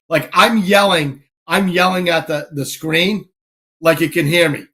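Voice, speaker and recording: High-voiced man telling a rowdy story. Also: normal speed. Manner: animated, profane storytelling, acting out quotes. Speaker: podcast host. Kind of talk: casual chat.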